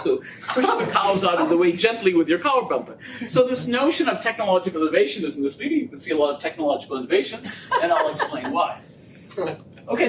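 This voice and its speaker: Man, middle-aged, high voice, animated joking lecture, distant mic, faint rumble. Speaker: guest lecturer. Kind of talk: public lecture. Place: lecture room.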